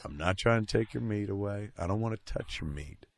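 A middle-aged man co-hosting a podcast, riffing in crude comic banter, profane and loud, slipping into mocking voices. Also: lowish voice, a little fast, no echo, studio quality. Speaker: podcast co-host.

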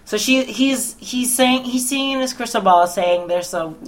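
A woman's voice: fairly high pitch, measured pace. A young woman co-hosting a podcast, chatting casually about an old movie with lots of fillers and acted-out lines. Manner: chatty, trailing fillers, acts out lines in put-on voices. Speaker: podcast co-host. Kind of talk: casual film-review chat.

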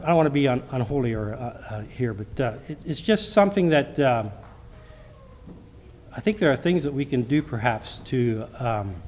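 A middle-aged man preaches a church sermon and mixes in personal testimony. His pitch is ordinary for a man and his delivery halts and restarts often. A faint noise sits behind him. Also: a little mellow. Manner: halting, with frequent restarts; reads scripture in King James wording. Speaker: lay preacher.

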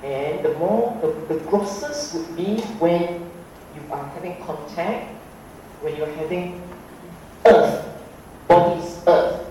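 Slow-talking man teaching meditation in a roomy hall. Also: a little high, recorded from a distance, heavy background noise. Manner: unhurried, emphatic, playful asides. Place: hall with an audience.

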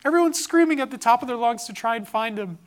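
A father gives an earnest, impassioned testimony in sermon style, telling a personal story about his son. His very high voice is fast, with lively intonation.

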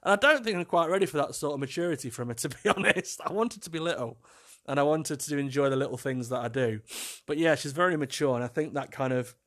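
Guy in his 30s rambling on his podcast, slightly high voice, laughs a lot. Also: fast, fairly bright tone. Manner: chatty, self-mocking, laughs often, pitch jumps when telling stories. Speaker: podcast host. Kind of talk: casual solo podcast chat.

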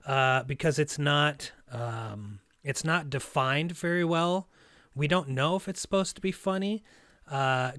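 A man's voice: a little high, fairly bright tone, smooth, no echo, studio quality. A man from Russia co-hosting a casual movie discussion, rambling and analytical, with many fillers and restarts. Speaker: podcast co-host, movie reviewer.

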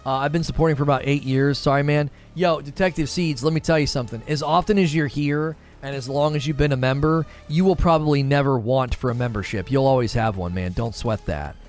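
A man's voice: on the high side, animated, brisk, soft background music. Upbeat man hosting a live stream. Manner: upbeat, thanks viewers by name. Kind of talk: casual chat reading viewer comments.

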